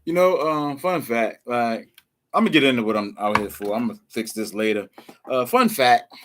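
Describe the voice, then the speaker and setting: A man's voice: medium pitch, moderate pace, a bit bright, a little hiss or hum. A man vlogging with casual commentary, loose and slangy, full of "like" and "man".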